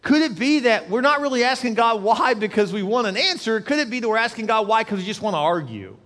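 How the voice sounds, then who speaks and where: A man's voice: sits high, sing-song, quick pace, a bit bright, big-room sound. A male pastor preaching a sermon in an earnest, repetitive way, acting out quotes as he goes.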